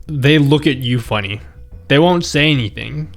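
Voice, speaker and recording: A man's voice: medium pitch, moderate pace, gravelly, faint music behind. A man from the Philippines chatting casually on his stream, rambling, chuckling and answering his chat.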